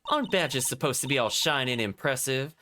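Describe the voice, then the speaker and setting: Brash Southern woman, slow sassy drawl, read by a man, bright tone. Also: medium pitch, lively intonation, a little hiss or hum. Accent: put-on Southern US drawl.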